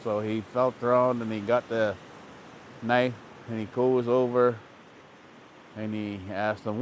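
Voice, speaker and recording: A man, a language teacher, telling a traditional story in a relaxed, repetitive oral style. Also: fairly low pitch, measured pace, slight background noise. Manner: relaxed, repetitive, plain-spoken.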